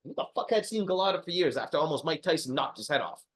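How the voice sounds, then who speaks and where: A man co-hosting a podcast as a boxing historian, telling stories in a loose, profane, lively way. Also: fairly high pitch, quick pace. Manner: lively, profane storytelling with laughs. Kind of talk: casual podcast chat.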